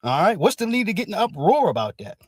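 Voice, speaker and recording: A man's voice: high voice, fast talker, husky, dry recording, clean studio sound. A man giving casual, profane livestream commentary, dropping "all right" between nearly every thought. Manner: animated, profane, repeats "all right" as a filler.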